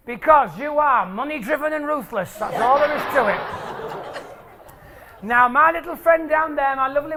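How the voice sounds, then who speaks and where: A man's voice: extremely high pitch, bright, forceful tone. A man from England, presenting a jokey maths show to a family audience in a lecture hall. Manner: playful, jokey, teasing the crowd. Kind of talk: lively talk to a family audience.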